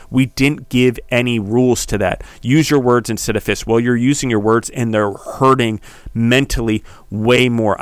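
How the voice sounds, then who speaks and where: A man hosting a podcast, delivering a heated, preachy solo monologue that swears and builds to shouting. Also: mid-range voice, clean tone, dry recording. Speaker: podcast host.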